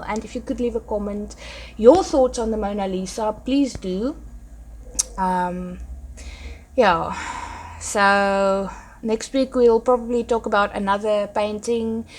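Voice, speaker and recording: Sick and congested, a woman with a nasal, mid-range voice hosts a podcast while painting, rambling casually with many fillers.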